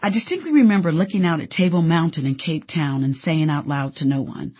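Very husky woman narrating her memoir. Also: low-pitched, a little fast, hardly any pauses, a little mellow. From Indianapolis, USA. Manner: candid, playful, storytelling. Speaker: actress telling her own story.

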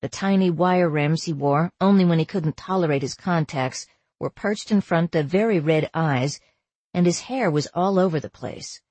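A woman narrating a first-person novel as an audiobook, in a measured, wry storytelling manner. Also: low voice, a little mellow, husky, no room sound.

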